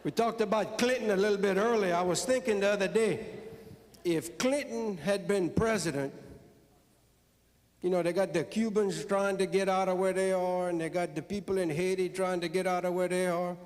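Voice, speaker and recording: A man's voice: high-pitched, fairly even intonation, moderate pace, darkish tone. A man with a Cajun accent telling jokes on stage to a live audience in a folksy, drawling way. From South Louisiana. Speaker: storyteller and comedian. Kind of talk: stand-up joke telling. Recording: long hall reverb.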